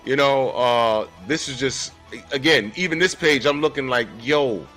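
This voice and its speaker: A man in his forties giving animated, casual commentary on a comic book, talking straight to his viewers. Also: medium pitch, a little slow, soft background music. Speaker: comic book reviewer and artist.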